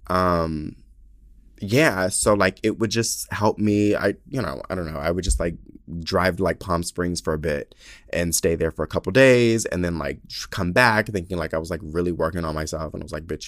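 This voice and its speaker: A man hosts his own podcast in loose, chatty talk, candid, profane and quick to poke fun at himself. His voice sits a little low. It is recorded close and dry on a small mic. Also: no room sound. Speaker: podcast host. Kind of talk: casual chat.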